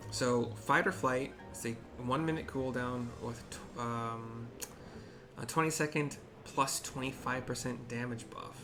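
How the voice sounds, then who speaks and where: A man chatting his way through a video game for blind viewers in a mid-pitched, everyday voice. He rambles, hesitates and corrects himself as he goes, with faint game music playing behind him. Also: fairly even intonation, unhurried. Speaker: gaming streamer narrating for blind viewers. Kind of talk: casual gameplay commentary.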